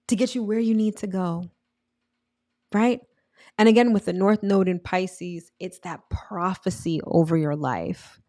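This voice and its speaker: A woman hosting a weekly astrology forecast in a casual motivational style, emphatic and animated, laughing often and acting out the universe in quoted asides. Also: medium pitch, no echo, studio quality.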